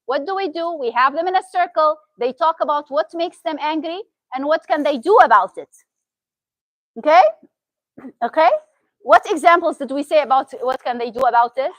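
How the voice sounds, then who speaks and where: A woman's voice: sits high, normal speed, dry recording, poor audio. A woman from Syria with a Syrian Arabic accent, a therapist giving a chatty talk and often asking the audience questions. Arabic is her first language. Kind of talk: interactive motivational talk.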